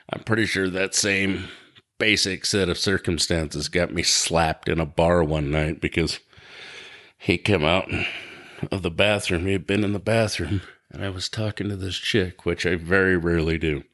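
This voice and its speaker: A man's voice: low voice, fairly bright tone. A man hosting a podcast, telling profane stories and laughing often as he goes. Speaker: podcast host. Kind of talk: casual storytelling.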